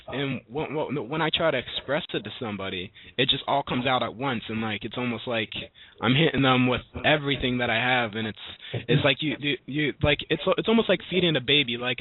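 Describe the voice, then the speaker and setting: A young man on a panel discussion, telling stories in a halting way with many restarts and fillers. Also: mid-range voice. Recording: tinny phone-like audio.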